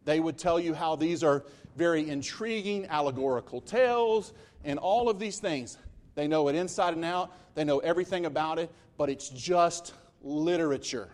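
A man preaching a sermon, emphatic, rising to loud peaks and dropping to slow, quiet stresses. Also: a little high. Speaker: pastor.

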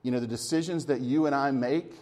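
A man's voice: medium pitch, a little fast, mellow. A man, a church elder, preaching a sermon in a conversational storytelling way with light humor.

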